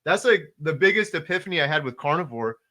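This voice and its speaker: A man hosting a relaxed interview podcast, his voice bright and forward and pitched a bit high for a man. He talks with eager emphasis, stacking repeated words and casual fillers. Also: quick pace. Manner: enthusiastic, repetitive emphasis, frequent fillers. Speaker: podcast host.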